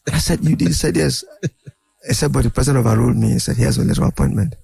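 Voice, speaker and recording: Gravelly older man telling stories. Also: medium pitch, fast talker. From Nigeria. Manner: animated anecdotal, acts out quoted voices. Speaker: guest. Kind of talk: storytelling interview.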